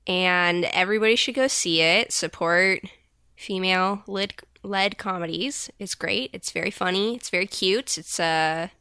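A woman's voice: fairly low pitch, a little slow, pushed and bright, clear, resonant tone, no echo. A woman co-hosting a podcast, chatting with enthusiasm. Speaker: podcast co-host. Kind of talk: casual podcast chat.

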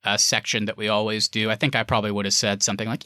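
A man's voice: on the low side, flat delivery, fast, sharp tone, no echo, studio quality. A man co-hosting a podcast, reviewing a movie in casual chat, talking freely with plenty of fillers. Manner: chatty, wordy, lots of fillers. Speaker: podcast co-host.

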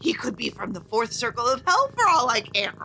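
An actress playing a gushing, flirty wife in a comedic audio play. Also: female voice, a little high, sing-song, fairly quick, vocal fry, pushed and bright, a little hiss or hum, exaggerated voice. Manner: gushing, breathless.

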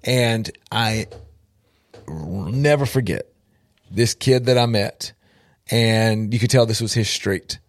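A man's voice: fairly low pitch, takes it slowly, long pauses, no echo. A man, an outreach minister telling a story with emphatic repetition and direct appeals to listeners. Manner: emphatic, repeats for effect, addresses listeners directly. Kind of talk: storytelling testimony.

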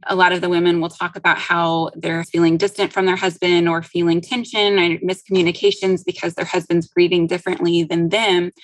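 A woman hosting an interview who speaks gently and with compassion while leading a grief conversation. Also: fairly low pitch, no echo, low-quality recording. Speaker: interview host, grief support group leader. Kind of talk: interview questions.

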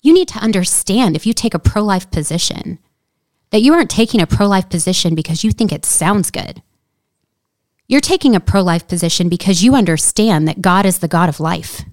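A woman's voice: lowish voice, expressive, brisk, darkish tone, dry recording. A woman telling a story in casual conversation, speaking earnestly and shifting into preacher-like emphasis. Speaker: guest.

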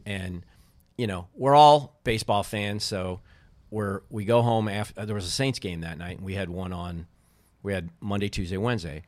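Middle-aged man as podcast guest, a lively raconteur with a lowish voice recorded close and dry. He slips into the voices of the people in his stories and laughs easily. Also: normal speed, no room sound. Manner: animated storyteller, acts out quoted people, laughs often. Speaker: podcast guest, former baseball team co-owner. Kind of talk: casual storytelling chat.

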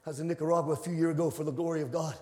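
A man preaching a fervent sermon, telling stories in a folksy way and building to shouted climaxes. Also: fairly high pitch, steady tone, racing. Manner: storytelling in a folksy, conversational way.

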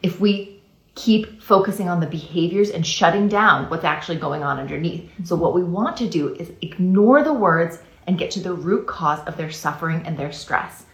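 A woman's voice: lowish voice, moderate pace, roomy sound, rough recording. A woman hosting a casual parenting podcast, speaking earnestly and reading out listener messages.

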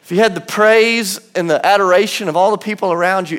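Earnest high-voiced man preaching. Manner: earnest, builds with slow emphatic pauses and drops to soft low asides. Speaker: pastor. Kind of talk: sermon. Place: church auditorium.

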